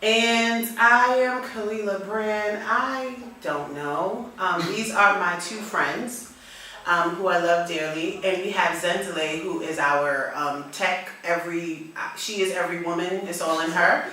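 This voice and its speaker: A woman's voice: measured pace, bright, forceful tone. A woman hosting a casual podcast, teasing her guests and breaking into laughter. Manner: teasing, bursts of high laughter. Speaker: podcast host. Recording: echoey room, far from mic.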